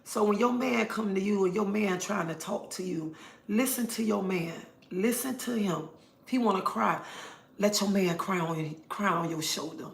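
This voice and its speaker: Middle-aged woman, livestream host, earnest and preachy, repeats herself, gravelly voice in a roomy space. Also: mid-range voice, normal speed. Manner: earnest, preachy, repeats her points for emphasis. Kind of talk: casual livestream monologue. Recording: roomy echo.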